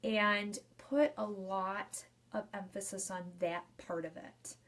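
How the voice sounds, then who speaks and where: A woman's voice: medium pitch, steady tone, takes it slowly, a bit bright. A young woman, a funeral director and embalmer, giving casual, chatty advice in a live video talk and restating her points in loose lists.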